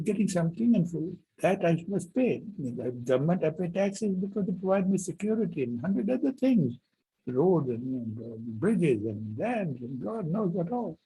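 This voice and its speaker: A male university professor giving a lecture, telling a personal story in an animated, emphatic way with many repetitions. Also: sits high, normal speed, slight background noise, poor audio.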